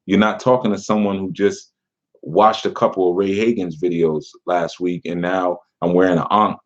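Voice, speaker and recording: A man's voice: low-pitched, steady tone, normal speed, a little mellow. A man teaching on spiritual matters, answering a critic with sarcasm and scorn. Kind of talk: reading out and mocking a viewer's comment. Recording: dull lo-fi sound.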